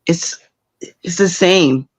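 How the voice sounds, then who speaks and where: Slow-talking woman host with hiccups. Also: lowish voice, slightly rough. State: has the hiccups. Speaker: livestream commentary host. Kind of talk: casual call-in chat.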